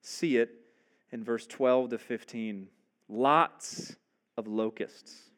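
A man's voice: medium pitch, slow pace, a bit bright. A male pastor giving a conversational sermon, often asking his listeners rhetorical questions.

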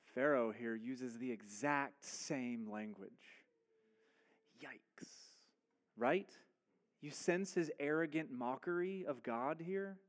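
A man's voice: medium pitch, takes it slowly. A man preaching a sermon, speaking emphatically and asking rhetorical questions as he builds his points.

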